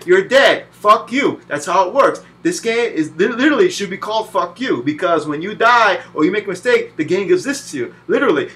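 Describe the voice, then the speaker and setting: A man in his twenties, from Puerto Rico, giving a profane, animated video game review full of cursing and mocking voices. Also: sits high, a little hiss or hum. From Puerto Rican. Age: 20s.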